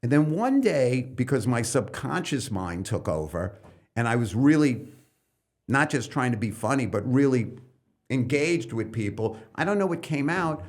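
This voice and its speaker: Animated middle-aged comedian riffing loudly. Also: male voice, medium pitch, moderate pace. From New York City. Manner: animated, riffs into loud comic bits mid-thought. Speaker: stand-up comedian and comedy coach, podcast guest. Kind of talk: loose conversational interview talk.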